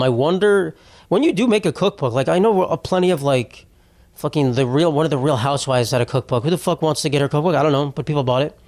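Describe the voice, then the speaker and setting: A man's voice: mid-range voice, a little mellow. A young man hosting his own podcast, rambling through a casual comedic solo rant, swearing freely and cutting himself off mid-thought. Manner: rambling, jokey, swears freely, self-interrupting. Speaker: podcast host.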